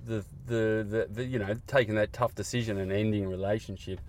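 Earnest, halting man, low voice. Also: steady tone, a little hiss or hum. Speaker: podcast guest. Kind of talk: candid conversation. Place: car park.

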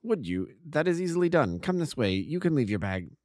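A man's voice: a little high, sing-song, fairly quick, darkish tone, no room sound, studio quality, voice pushed up. A man voicing a hearty middle-aged male police inspector, jovial and officious.

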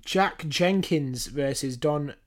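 A man's voice: fairly high pitch, slow, slight background noise. A man co-hosting a podcast, joking and rambling as he runs through fight picks in casual chat. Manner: jokey, rambling, laughs often. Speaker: podcast co-host.

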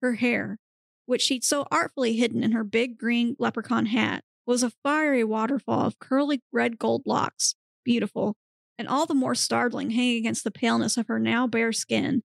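Woman host, narrator; higher voice with vocal fry, dry close mic. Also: fairly even intonation, normal speed, no echo. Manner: straight-faced narration, breaks into giggles. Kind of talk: comedic reading of erotic fiction.

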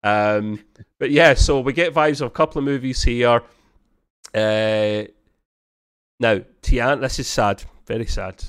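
Guy co-hosting a chill review pod, middle pitch, lots of ums, rambles. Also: slow, pauses often, smooth. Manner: rambling, lots of ums, acts out quotes in high voices. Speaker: podcast co-host. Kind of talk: casual review chat.

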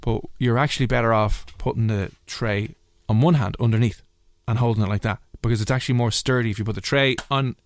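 A man's voice: fast, few pauses, no echo. A man hosting a casual radio chat, telling stories animatedly and acting out what others said. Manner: animated storytelling, voices others with big pitch jumps. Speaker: radio host.

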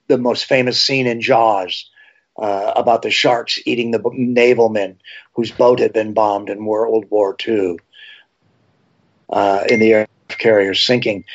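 A man, an actor and horror TV host, telling rambling animated anecdotes in a casual interview. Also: mid-range voice. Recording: slightly dull lo-fi sound.

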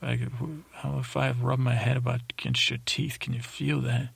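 A man voicing a rambling, flirtatious male cat knight in a meandering bedtime story for a sleep podcast, halting with many fillers. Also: medium pitch, little pitch movement, creaky, breathy edge, no room sound.

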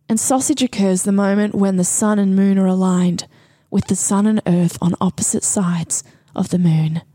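A woman voicing a solemn mystical witch-goddess prophet, reading in a slow, hushed, portentous way. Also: mid-range voice, breathy edge, dry recording, clean studio sound.

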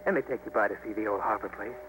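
An actor playing an earnest young trapper with a plainspoken, folksy drawl, in a 1950s radio drama. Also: male voice, lowish voice, very fast, over music, lightly acted, rough recording. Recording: hissy 1950s radio broadcast.

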